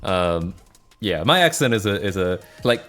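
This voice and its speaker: A man's voice: sits low, very animated, unhurried, fairly bright tone, faint music behind. A tired young Australian man chatting casually with his stream, rambling and laughing, with lots of restarts. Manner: rambling, laughing often, many restarts and fillers. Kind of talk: casual live-stream chat.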